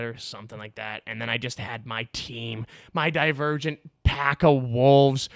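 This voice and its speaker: A man's voice: on the high side, lively intonation, measured pace, gravelly, a bit bright, no room sound, clean studio sound. A man hosting his own podcast, telling a story casually and with energy, swearing freely and laughing as he talks, recorded on a video camera on a tripod. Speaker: podcast host.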